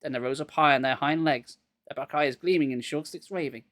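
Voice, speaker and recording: A man's voice: on the high side, fairly quick, a bit bright, dry recording. Man with a cold reading aloud. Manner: wry, joking commentary between passages. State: getting over a cold, coughing. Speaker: reader of a children's horror book. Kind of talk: live book reading with jokey asides.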